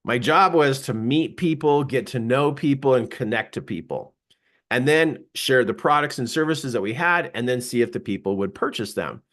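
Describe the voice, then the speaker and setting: A man speaking in a mid-range voice at moderate speed recounts something from his own life during a live seminar talk. He tells it with energy, frequent laughter, and performed versions of quoted lines.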